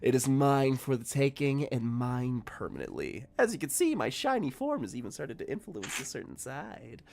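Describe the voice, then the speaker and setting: A man's voice: medium pitch, big pitch swings, normal speed, creaky, background noise, pitched above the performer's own voice. A man voicing a snide, gloating male kobold who steals bodies, sneering and taunting. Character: snide male kobold soul-thief, French-tinged.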